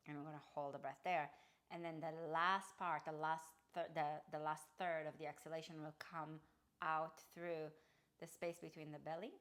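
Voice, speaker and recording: A woman with a notably low voice leads a guided breathing exercise. She talks calmly and slowly, pausing and restarting softly as she walks the listener through each breath. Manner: calm, slow guiding voice with soft restarts. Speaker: yoga and breathwork teacher.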